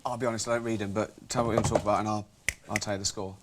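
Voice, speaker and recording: A man's voice: lowish voice, level tone, racing, noisy background. An English man in his thirties giving a blunt, mock-ignorant comic news monologue. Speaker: comedy news presenter.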